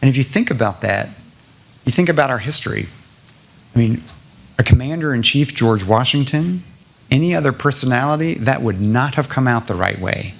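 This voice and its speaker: A man's voice: mid-range voice, lively intonation, normal speed, creaky. A middle-aged man from South Carolina answering a question at a public lecture, earnest and building to emphatic lists. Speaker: guest speaker at a public lecture.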